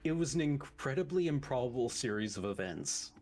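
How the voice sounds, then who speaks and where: Animated streamer reading out sub thanks. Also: mid-range voice, brisk. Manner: animated, stumbles over names. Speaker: stream co-host. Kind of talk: casual chat reading subscriber thanks.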